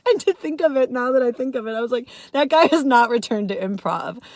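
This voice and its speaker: A woman's voice: brisk, dry recording, studio quality. A young woman telling a personal story in a casual vlog, laughing often and filling her talk with "like". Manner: giggly, says "like" constantly, swings high when excited. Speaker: vlogger.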